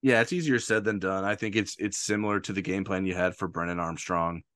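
A man hosting a sports talk show, chatty and hesitant, quick to laugh at himself. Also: deep voice, fairly even intonation, fairly bright tone, no room sound. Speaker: podcast host.

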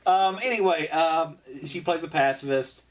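A man's voice: on the high side, moderate pace, distant mic. A man with a slightly raised voice rambles through a story in a casual group podcast chat. He restarts his sentences often and laughs at his own jokes. He sits a little back from the microphone. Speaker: podcast co-host.

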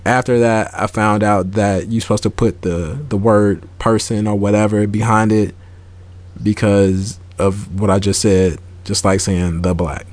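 A man's voice: on the low side, level tone, a little slow, a little mellow. A man co-hosting a casual podcast chat, earnestly explaining his point with many restarts. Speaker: podcast co-host.

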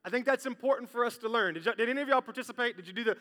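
A man preaching a sermon as pastor, lively and joking, talking straight to his congregation. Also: extremely high pitch, rapid-fire, few pauses. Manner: lively, jokey, talks straight to the crowd. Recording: long hall reverb.

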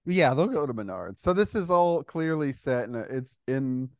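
A man's voice: medium pitch, animated, moderate pace, a little mellow, no echo. A man casually riffing on a silly movie idea, laughing often and rambling loosely. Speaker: podcast co-host. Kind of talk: casual comedic brainstorming.

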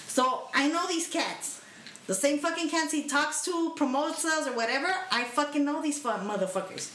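A woman with a slightly high voice tells a story in loose, animated chat, swearing freely and mixing in Spanish slang. She sounds like she is in a roomy space with a faint hiss underneath. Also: moderate pace. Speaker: podcast co-host. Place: podcast room.

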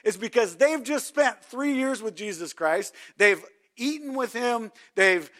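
A man's voice: very high-pitched, lively intonation, unhurried, a bit bright. A man preaching a sermon in a conversational way, often turning to quiz his listeners.

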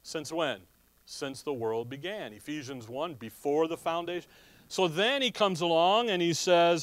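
Man, pastor, Bible teaching, asks and answers his own questions, high voice, dry close sound. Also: animated, moderate pace, no room sound. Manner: asks the congregation questions and answers them himself.

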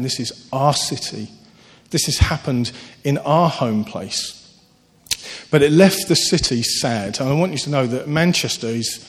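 A man preaching a sermon, earnest and animated, telling stories with sudden lifts in his voice. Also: medium pitch. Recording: long hall reverb.

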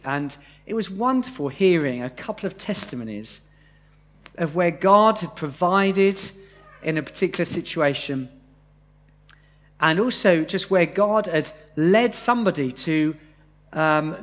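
Male preacher, high-pitched, easygoing delivery, live sermon with questions to the room. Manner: conversational, asks the congregation questions. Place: church, live congregation.

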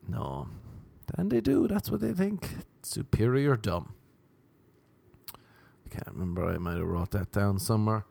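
Hosting his own show, a comedian in his thirties delivers a loose, wry, rambling monologue, switching to high voices whenever he quotes someone. His pitch swings widely at normal speed, and his voice is creaky and slightly mellow.

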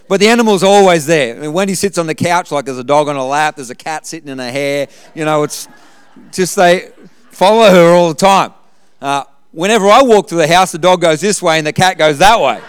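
A man's voice: on the high side, clear, resonant tone. A male pastor preaching a sermon through a personal story, conversational and humorous, often saying "listen".

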